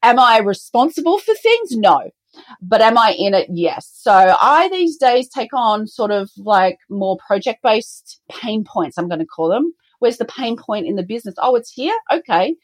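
A woman's voice: on the high side, moderate pace, dry recording. A middle-aged woman, a business co-founder, chatting in an interview and acting out quoted dialogue as she tells stories. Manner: animated storyteller, acts out quoted dialogue. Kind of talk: conversational podcast interview.

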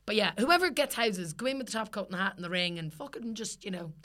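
Speaking fast in a mid-range voice, a young woman from Ireland trades casual podcast chat as co-host. She's a lively storyteller who laughs often and swears without holding back.

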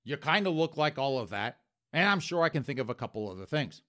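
A man's voice: mid-range voice, very animated, brisk, sharp tone. A man playing a blunt police officer who talks in a chatty, conspiratorial, gossipy way.

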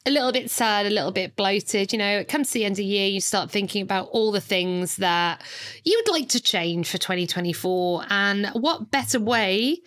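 Fields: bright, playful woman quiz host. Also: mid-range voice, expressive, normal speed. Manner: playful, teasing, laughs often. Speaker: podcast co-host running a price quiz. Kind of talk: casual chat.

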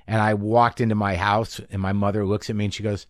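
A middle-aged man hosting a podcast from his garage, telling rambling stories in an animated way, swearing freely. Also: lowish voice, brisk, few pauses, no room sound, clean studio sound. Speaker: podcast host. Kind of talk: casual monologue. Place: home garage.

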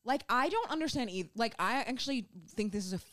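A woman's voice: fairly high pitch, lively intonation, quick pace, fairly bright tone, no echo, clean studio sound. A woman co-hosting a podcast in casual, emphatic chat, acting out quotes. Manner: chatty, emphatic, acts out quotes. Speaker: podcast co-host.

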